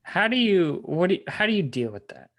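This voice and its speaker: A man hosting a casual interview, who laughs often and asks questions. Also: high-pitched. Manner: laughs often, slow and lively. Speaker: host.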